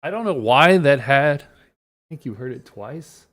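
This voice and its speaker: A man's voice: medium pitch, lively intonation, measured pace, a bit bright. A man streaming live, talking casually to himself and his viewers as he tinkers with settings, muttering and swearing now and then.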